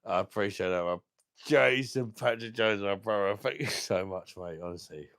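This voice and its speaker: A deep, gravelly young man chats loosely on a live stream for his beer channel. He swears a lot and turns emotional, speaking to viewers in a dry, close-up recording. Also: moderate pace, fairly bright tone, no echo. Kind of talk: casual live stream chat.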